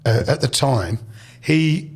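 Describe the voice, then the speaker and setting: Speaking slowly in a husky, mid-range tone, a middle-aged Leicester man spins animated, rambling tales as a podcast guest in a casual storytelling interview. He stumbles over his own restarts and imitates the voices of those he quotes.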